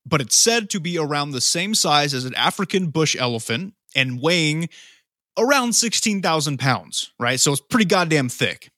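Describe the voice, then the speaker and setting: Male podcast co-host, bright tone, dry close mic, casual and profane, leads the talk. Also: fairly high pitch, lively intonation, moderate pace, dry recording. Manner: profane, joking, drives the topic. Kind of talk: casual chat.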